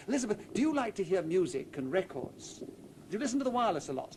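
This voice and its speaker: A man hosting a television quiz show in a studio, chatty and brisk, teasing the contestants as he reads out the questions. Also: sits high, sing-song, darkish tone, slight background noise.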